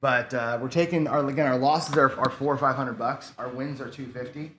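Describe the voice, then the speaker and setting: A man's voice: mid-range voice, steady tone, a little fast, fairly bright tone, a little hiss or hum. A man hosting a gambling channel, giving casual play-by-play commentary in a rambling, profane way, as if talking to himself. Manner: rambling, profane, talks to himself while playing.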